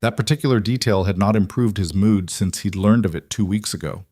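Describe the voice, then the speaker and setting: A man narrating a scripted fantasy story in a steady, measured way. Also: fairly low pitch, dry recording, studio quality.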